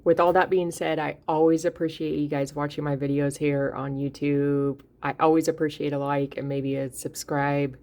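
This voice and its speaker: Low, gravelly-voiced woman baking vlogger. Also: level tone, moderate pace, few pauses, a little mellow. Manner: chatty, encouraging, addresses viewers directly. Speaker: baking channel host. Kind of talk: casual cooking vlog talk.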